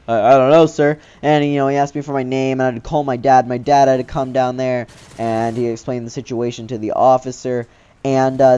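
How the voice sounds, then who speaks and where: A man's voice: medium pitch, warm tone, dull audio. A man casually telling a childhood story over game commentary, rambling with lots of fillers. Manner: rambling, loose, filler-heavy talk. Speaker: gaming channel host.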